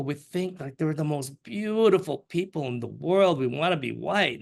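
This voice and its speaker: An older man from the Philippines, an artist talking candidly in an interview, frank and opinionated, with a pace that speeds up and slows down. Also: medium pitch. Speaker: artist, podcast guest.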